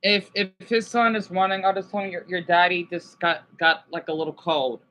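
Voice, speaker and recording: A man on a casual livestream, talking to his chat in a halting, rambling, sympathetic way with many restarts. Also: high voice, steady tone, sharp tone, rough recording. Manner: sympathetic and emotional.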